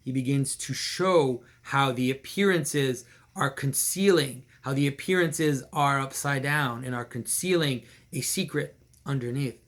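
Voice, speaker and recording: A man retelling an old legend in a casual, animated way, repeating phrases and chuckling now and then. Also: mid-range voice, measured pace. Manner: animated, repetitive, with small laughs and restarts. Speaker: storyteller and commentator.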